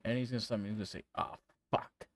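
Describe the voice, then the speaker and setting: A man runs a tabletop game in a casual, rambling way and swears freely. His voice is low. The recording is dry and close with little room sound. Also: fairly even intonation, rapid-fire, no echo. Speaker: game master.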